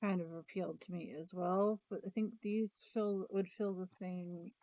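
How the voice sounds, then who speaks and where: Casually talking about planners, this woman vlogger thinks out loud, often restarting or leaving sentences unfinished. She has a lowish, steady voice at a normal speed, and the recording has no echo, with the highs cut off.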